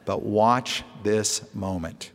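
A man's voice: fairly low pitch, slow pace. A man, a TV show producer, giving a storytelling presentation to an audience and acting out phone calls in quoted dialogue. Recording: echoey hall with long reverb.

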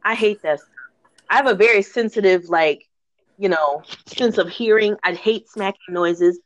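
A woman hosting a podcast, telling rant stories in a lively, slangy, laughing way. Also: mid-range voice, normal speed, dry recording. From northern United States. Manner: animated, slangy, laughing storyteller. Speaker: podcast host. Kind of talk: casual storytelling rant. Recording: dull lo-fi recording.

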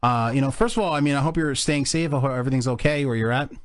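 A man's voice: mid-range voice, fast, no room sound, clean studio sound. A man hosting a podcast, interviewing a guest in loose, rambling chat full of fillers. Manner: rambling, laughing, many fillers. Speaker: podcast host.

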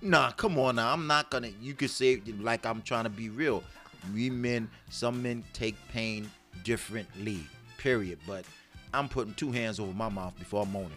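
A man chatting casually as a podcast co-host, animated and laughing often as he acts out voices in his stories. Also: medium pitch, normal speed, faint music behind. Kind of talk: casual chat.

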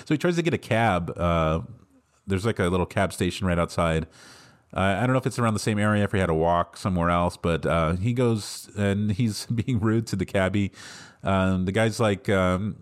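A man's voice: low voice, moderate pace. A man hosting a casual film review podcast, laughing often as he retells scenes. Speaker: podcast host.

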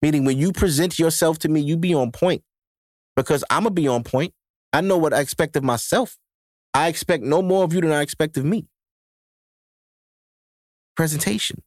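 A man's voice: fairly high pitch, a little fast, a little mellow, dry recording, clean studio sound. A man hosting his own podcast, delivering a profane, emphatic solo rant that lectures his listeners. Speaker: podcast host.

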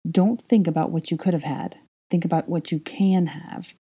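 A firm, earnest young man in a storybook reading, as a woman narrator puts him on. He presses his point gently but will not let it drop, in a soft, breathy and mellow voice. The tone stays low and warm. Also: fairly even intonation, moderate pace.

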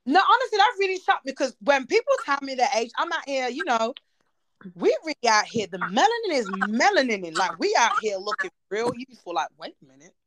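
A woman hosts a casual podcast chat, teasing and swearing with big energy. Her voice sits high and leaps all over the place. The sound is dry and close. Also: a little fast, no echo. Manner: animated, profane, teasing. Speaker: podcast host.

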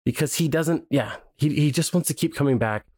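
A man's voice: on the high side, a little fast, a little mellow, dry recording, clean studio sound. A man co-hosting a podcast, giving blunt opinions in casual chat with lots of fillers. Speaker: podcast co-host.

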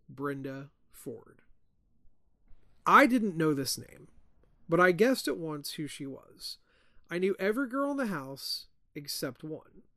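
Guy reading a spooky story real quiet, kinda high voice, dry mic. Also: no room sound. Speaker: podcast host. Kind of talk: reading a ghost story aloud.

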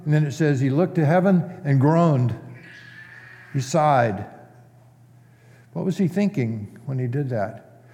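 Slow-preaching man in reverberant church. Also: a little high, animated, mellow. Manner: conversational, asks the congregation questions. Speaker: pastor. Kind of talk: sermon.

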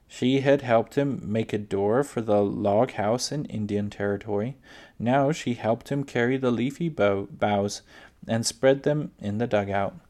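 A man's voice: mid-range voice, a little mellow. Man reading a children's book aloud. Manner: unhurried with small slips and restarts. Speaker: reader.

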